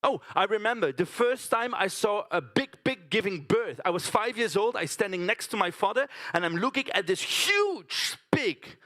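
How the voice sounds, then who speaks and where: A man's voice: sits high, very animated, moderate pace, hardly any pauses, pushed and bright. A man performing a theatrical storytelling monologue on a conference stage, chatting to the audience with tag questions.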